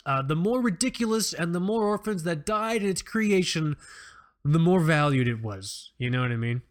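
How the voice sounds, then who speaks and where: A man's voice: a little high, expressive, normal speed. A man co-hosting a podcast in casual chat, rambling and joking with plenty of restarts and fillers. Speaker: podcast co-host.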